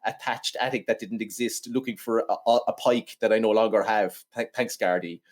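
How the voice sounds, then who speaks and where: A man's voice: fairly low pitch, fairly quick. Sardonic, sweary man. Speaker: podcast co-host. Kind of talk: casual film-review chat.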